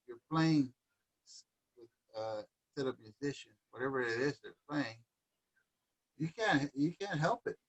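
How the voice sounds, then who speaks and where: A man talks through ideas in a relaxed, reflective way, now and then reaching for a Spanish word. His voice sits in an ordinary middle pitch. He comes across as an easygoing guest speaking on a livestream. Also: muffled recording. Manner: reflective, sprinkles in Spanish words. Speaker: guest musician and dancer. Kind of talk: casual conversation. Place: home livestream.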